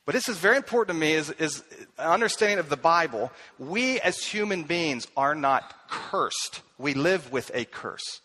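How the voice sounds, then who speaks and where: A man preaching a sermon, telling the story with animated delivery and acting out the voices he quotes. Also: on the high side, moderate pace. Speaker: pastor.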